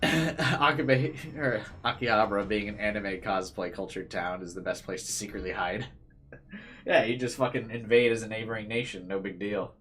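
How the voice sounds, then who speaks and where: A man's voice: fairly low pitch, normal speed, fairly bright tone. A man giving casual game commentary, musing aloud with laughs and swearing. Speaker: let's-play host.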